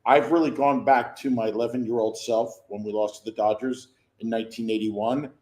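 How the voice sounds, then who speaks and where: A man's voice: mid-range voice, steady tone, brisk, a little mellow. Rambling middle-aged man on an echoey call. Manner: rambling, self-interrupting, wry humor. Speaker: guest. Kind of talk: casual chat. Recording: echoey remote call audio.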